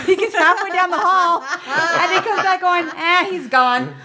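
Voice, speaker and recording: A woman's voice: very high voice, moderate pace, crowd noise. A middle-aged woman, a talk show guest, telling a story casually and acting out the voices with lots of laughter. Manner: animated, laughing storyteller who acts out voices.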